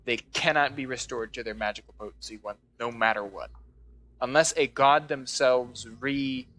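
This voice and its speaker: Game master type: man, mid-pitched, descriptive narration, pauses to find words. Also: sharp tone.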